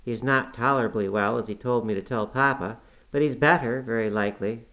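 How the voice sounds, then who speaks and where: A man reading an audiobook voices a spirited, willful teenage girl with a quick, petulant manner. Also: medium pitch, fairly bright tone, close to an everyday voice, low-quality recording. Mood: complaining.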